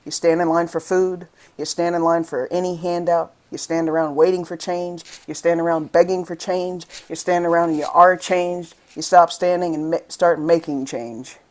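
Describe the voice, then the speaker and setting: Poet, from the United States, spoken word reading, rhythmic, impassioned, angry emphasis, mid pitch. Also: level tone, moderate pace, hardly any pauses, darkish tone. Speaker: guest poet.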